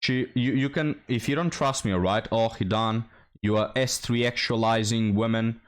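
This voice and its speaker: A man's voice: medium pitch, moderate pace. A young man hosting a reaction commentary, sarcastic and mocking, talking straight to his viewers. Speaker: commentary host.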